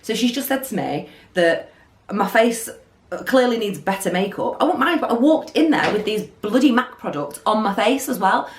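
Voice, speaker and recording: A woman telling an animated storytime vlog. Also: on the high side. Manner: animated storytelling, acting out quotes. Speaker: beauty vlogger. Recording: roomy echo.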